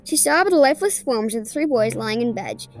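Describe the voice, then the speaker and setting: Woman, podcast host, reads ghost story aloud, earnest, deliberate, high voice, faint music behind. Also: expressive.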